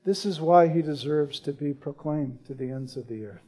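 A man preaching a sermon, deliberate and emphatic, building in intensity on key points. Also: fairly high pitch, mellow.

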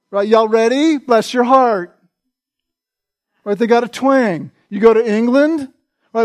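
A man preaching an expository sermon in a conversational way, often checking in with his listeners with a quick "right?". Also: high voice, a little mellow, no echo, clean studio sound. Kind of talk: sermon, expository Bible teaching.

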